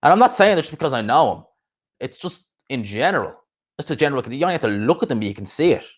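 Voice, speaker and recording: A man's voice: medium pitch, big pitch swings. A young man, chatting casually and rambling on a live stream as its host. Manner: rambling, chatty, quick asides and laughs. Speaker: YouTube boxing streamer.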